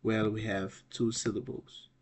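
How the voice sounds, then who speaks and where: Slow, patient male language teacher. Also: fairly low pitch, little pitch movement, husky. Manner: slow and patient, repeats each word several times; asks the viewer questions and answers them. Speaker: Greek teacher. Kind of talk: online pronunciation lesson.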